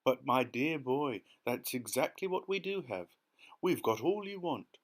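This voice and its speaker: A man voicing an old male grasshopper who talks in an emphatic, drawn-out, fatherly way in an audiobook. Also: medium pitch, animated, pitched above the performer's own voice. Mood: exclaiming. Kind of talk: audiobook character reading.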